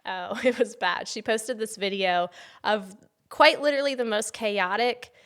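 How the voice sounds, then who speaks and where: A woman's voice: mid-range voice, measured pace, a bit bright. A young woman co-hosting a podcast, reading pop culture headlines and joking in a casual chat. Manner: playful, jokey, reads headlines in a mock news-anchor voice. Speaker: podcast co-host.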